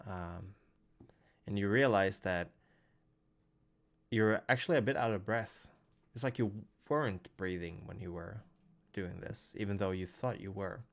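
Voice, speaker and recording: Low-voiced man running a tabletop game. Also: measured pace. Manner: hesitant, thoughtful narration with fillers. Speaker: game master.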